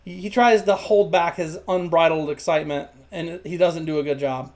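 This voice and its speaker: A woman's voice: low voice, fairly even intonation, normal speed, darkish tone. A woman narrating as game master of a tabletop game, rambling with many filler words. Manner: rambling, lots of "like".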